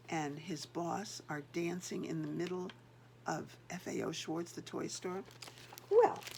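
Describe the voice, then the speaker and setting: A woman's voice: on the low side, gravelly, slight background noise. An older woman, a grandmother, reading a picture book aloud and chatting to the children between pages.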